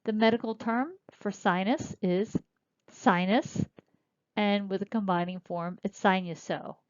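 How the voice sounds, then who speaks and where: A woman teaching a recorded lecture, explaining slowly and spelling out terms as she points. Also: mid-range voice, fairly even intonation, a little mellow, dry recording. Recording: dull lo-fi dry recording.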